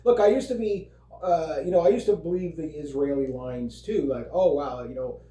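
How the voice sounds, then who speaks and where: A man's voice: on the high side, moderate pace, dark tone. A man ranting casually on his vlog, rambling and swearing, with lots of fillers and frequent laughs. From Canada. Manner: rambling, profane, heavy fillers, laughs often. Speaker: vlogger. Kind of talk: casual political rant. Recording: roomy echo.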